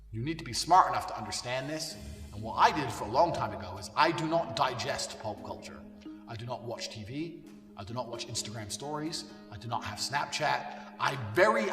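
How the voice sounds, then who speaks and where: A man's voice: mid-range voice, bright, forceful tone. A man delivering a blunt, profane ranting monologue as an online commentator. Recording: echoey hall, voice far from mic, faint music.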